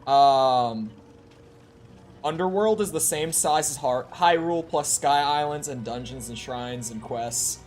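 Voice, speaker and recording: A man's voice: mid-range voice, unhurried, a little mellow, soft background music. A man streaming a video game, casually reading chat aloud and reacting to the gameplay in a laid-back way.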